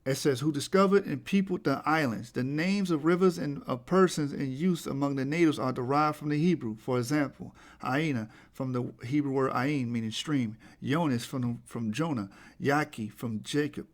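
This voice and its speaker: A man presenting a lecture over slides, reading quotes aloud and restarting words as he goes, his delivery rising to forceful emphatic peaks. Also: medium pitch, moderate pace, hardly any pauses.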